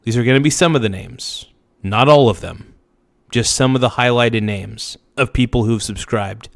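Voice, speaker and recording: Slightly hoarse man hosting a livestream. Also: medium pitch, moderate pace, no echo, clean studio sound. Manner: hypes subscribers, slangy and loose. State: slightly hoarse, losing his voice. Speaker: livestream host. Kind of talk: casual livestream chat.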